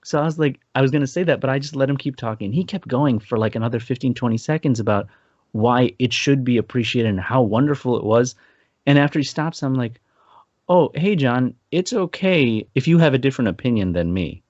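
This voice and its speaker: In a casual storytelling chat, a podcast co-host with a mid-range voice speaks a little fast, laughing and acting out quotes with animation. The recording is dry with the highs rolled off.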